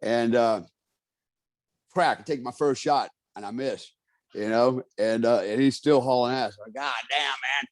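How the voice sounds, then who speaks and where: A man's voice: mid-range voice, unhurried, no echo, clean studio sound. A man telling a story in a casual interview, swearing freely and acting out the voices of the people in it. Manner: profane, animated, acts out quotes. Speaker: guest.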